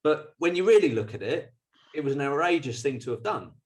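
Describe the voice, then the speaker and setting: A man's voice: on the high side, big pitch swings. A man co-hosting a podcast, reflecting thoughtfully on a guest's story over a video call. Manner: thoughtful, analytical, measured. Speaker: podcast co-host. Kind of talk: reflective interview talk.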